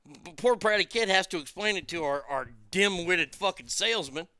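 A man's voice: high voice, expressive, normal speed, bright, forceful tone, dry recording. A man telling a story as a profane rant, stammering and repeating his words as he swears.

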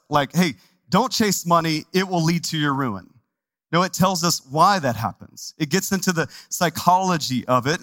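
A Texan pastor preaching a sermon in a loose, chatty way, often turning to the congregation with quick asides. His voice sits a bit high for a man and sounds dry and close, with little room echo. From Texas. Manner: conversational and animated, with asides to the congregation. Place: church sanctuary.

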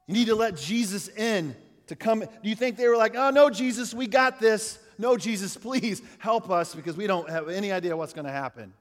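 A man's voice: high voice, lively intonation, fairly quick, few pauses. A middle-aged man, preaching a conversational sermon and asking the congregation questions. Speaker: pastor. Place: church hall. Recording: long hall reverb.

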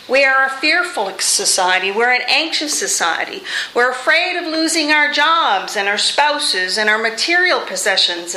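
A woman preacher giving a conversational, expressive sermon with touches of humor in a church. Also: on the high side, slight background noise. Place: church sanctuary. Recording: echoey room.

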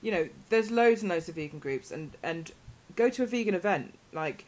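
A woman hosting a casual podcast chat, talking in a chatty, rambling way and getting animated when she retells stories. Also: on the low side, a little fast. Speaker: podcast host.

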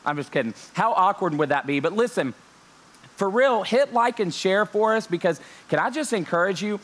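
Man, young pastor, online sermon, joking, lively, frequent amens, slightly high voice. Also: moderate pace. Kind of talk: online church sermon intro. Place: home during lockdown.

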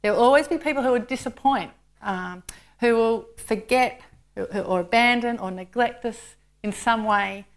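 A woman's voice: fairly high pitch, normal speed. Woman preacher, chatty sermon voice, full of rhetorical questions. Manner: conversational, with rhetorical tag questions.

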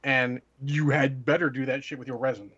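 A man's voice: medium pitch, steady tone, brisk, a bit bright, slightly rough. Sarcastic man, slightly muffled. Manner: sarcastic, blunt. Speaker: podcast co-host. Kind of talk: casual hobby chat.

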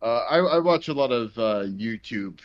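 A young man from New Jersey chats on a casual podcast, rambling loosely and stacking up fillers. His voice sits at an ordinary male pitch. The recording sounds dull and lo-fi. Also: expressive, moderate pace. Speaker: podcast co-host. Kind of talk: casual chat.

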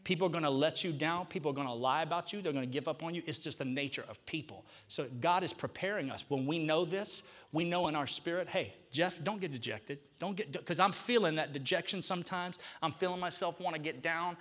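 A man's voice: fairly high pitch, brisk, few pauses. A male pastor preaching in church, coaxing the congregation to repeat scripture back to him. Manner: animated, coaxing audience to repeat lines. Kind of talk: call-and-response sermon.

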